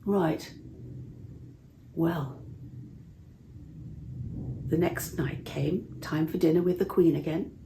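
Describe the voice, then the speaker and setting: A woman telling a Bible story to children in a gentle way, asking her listeners questions. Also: deep voice, fairly even intonation, moderate pace, gravelly, background noise. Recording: roomy echo.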